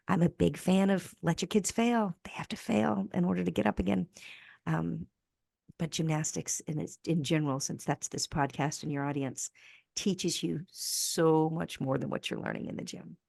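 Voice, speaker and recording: An American woman in her fifties speaks as a podcast guest. She has a low voice and tells personal stories with earnest animation. The recording is dry and close, with little room sound. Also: gravelly, darkish tone, no echo. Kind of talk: conversational interview storytelling.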